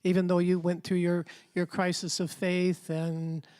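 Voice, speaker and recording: A woman's voice: fairly low pitch, little pitch movement, a little slow, a little mellow, clean tone. A woman pastor interviewing a guest at a church event, conversational with fillers.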